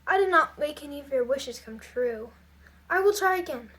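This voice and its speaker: A woman's voice: sits high, animated, moderate pace, fairly bright tone. A woman reading aloud, voicing a small male elf who boasts and then pleads. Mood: pleading. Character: eager little magical male elf.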